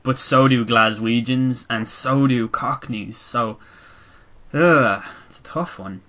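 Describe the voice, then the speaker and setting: A man's voice: medium pitch, slow pace, bright, forceful tone. A young Irish man hosting a podcast, chatting casually with a sweary, sarcastic edge. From Ireland. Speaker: podcast host.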